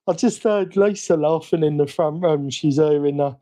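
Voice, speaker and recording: Cockney man, slightly high voice, mellow tone, easygoing live-stream chatter, self-mocking. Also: moderate pace, hardly any pauses. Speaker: hobby livestream host. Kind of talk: casual live-stream chat while working.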